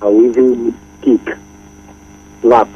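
Measured man on a phone line. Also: medium pitch, little pitch movement, a little hiss or hum. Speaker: radio caller. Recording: distant muffled phone line.

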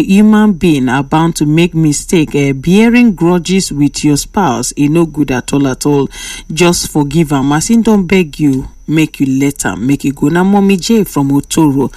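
Animated Nigerian woman reading messages aloud. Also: sits low, dry recording, far from the mic. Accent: Nigerian Pidgin. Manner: animated, dramatic, teasing. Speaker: host reading viewer messages. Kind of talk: casual storytelling commentary.

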